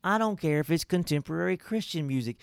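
Gravelly man, folksy preacher talk. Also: a little high, lively intonation, fast, no room sound, clean studio sound. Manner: emphatic, folksy, preacherly asides. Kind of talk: casual Bible-study chat.

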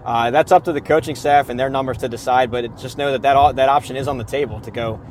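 A male podcast guest who writes previews talks sports casually and earnestly, with many fillers and restarts. His mid-range voice is fast, a little mellow, and fairly even in intonation, with slight background noise.

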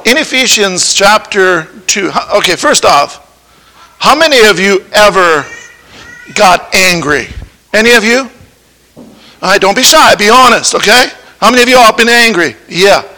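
A man's voice: sits high, pushed and bright, low-quality recording. A man giving a children's sermon in church, playfully coaxing the kids with questions. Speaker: preacher giving a children's lesson.

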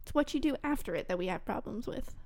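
A woman co-hosting a casual podcast, her voice sitting a little on the high side. She recaps episodes with enthusiasm. Her manner stays friendly and chatty. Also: expressive, fast, gravelly, darkish tone. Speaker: podcast co-host. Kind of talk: casual chat.

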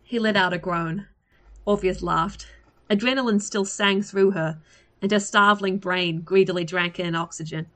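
A woman reading a fantasy story aloud in a lively way. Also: medium pitch, moderate pace. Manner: lively, laughs at the story between passages. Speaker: story reader.

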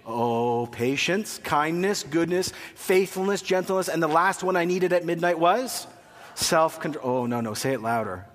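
A man's voice: a little high, lively intonation, normal speed, few pauses, in a large hall. A man in his thirties preaching a sermon in a church, telling a funny story with asides before turning to scripture. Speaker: pastor. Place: church sanctuary.

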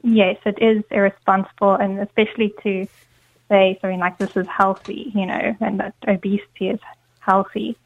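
A woman's voice: mid-range voice, level tone, normal speed, no room sound. A woman calling in to a radio show, speaking hesitantly and agreeing with the host. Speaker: caller. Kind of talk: phone-in radio call. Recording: tinny phone line.

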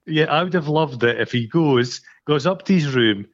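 A man's voice: on the high side, animated, moderate pace, highs cut off. A man co-hosting a podcast, animatedly retelling a film's plot in casual, sweary chat. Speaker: podcast co-host. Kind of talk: casual film review chat.

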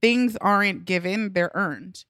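A woman's voice: mid-range voice, measured pace, fairly bright tone, no room sound, clean studio sound. A woman co-hosting a podcast in easygoing casual chat, laughing often. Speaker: podcast co-host.

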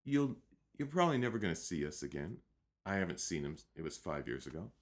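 A man telling a story in a relaxed conversational way, with fillers and restarts. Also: sits low, a little fast. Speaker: guest teacher.

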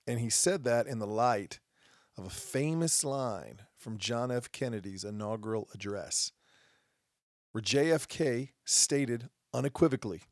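A man's voice: medium pitch, no echo. A man hosting a podcast, giving an impassioned opinion monologue with mocking asides. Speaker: podcast host.

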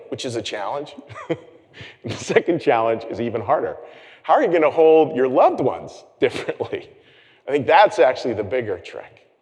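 Animated male pastor in a reverberant hall. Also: on the high side. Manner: conversational, animated, with self-deprecating asides. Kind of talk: sermon. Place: church sanctuary.

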